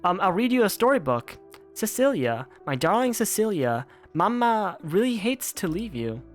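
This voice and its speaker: A frail mother near death speaks in a soft, slow, tender voice, pausing to cough, as a man puts her on. Her pitch moves a lot as she pleads. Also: big pitch swings, soft background music. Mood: tender, mournful. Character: dying gentle mother, weak and coughing.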